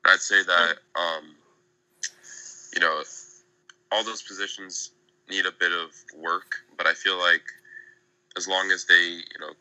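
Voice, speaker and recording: A young man giving casual, measured analysis on a podcast, with plenty of fillers. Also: low-pitched, pushed and bright, dry recording, rough recording. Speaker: guest analyst.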